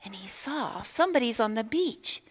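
A woman leading children's time in a church, telling a Bible story in an animated way, asking the children questions and sometimes dropping to a whisper. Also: on the high side, moderate pace, husky, poor audio. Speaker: children's minister. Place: church sanctuary.

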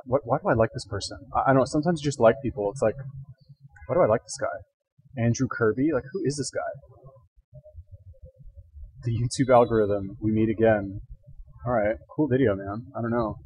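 A man's voice: mid-range voice, a little mellow, a little hiss or hum, rough recording. A man hosting a reaction video, thinking aloud in casual commentary, rambling and correcting himself as he goes, speaking into a headset.

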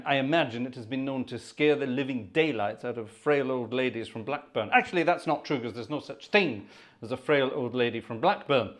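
A man hosting an organ music livestream, chatting in a rambling, self-mocking way between pieces and a bit out of breath. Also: mid-range voice. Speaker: host. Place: home room with a digital organ.

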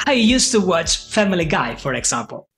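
A man in his thirties with an Italian accent gives an upbeat, scripted English lesson directly to the viewer, sounding encouraging. His high, sing-song voice is a bit bright and moves at normal speed over soft background music.

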